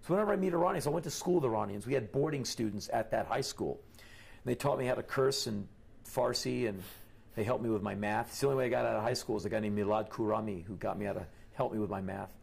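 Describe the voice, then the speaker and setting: A middle-aged man from the United States telling stories in an interview in an animated way, quoting the people he met. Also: fairly low pitch, fast talker, gravelly, breathy edge. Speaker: interview guest.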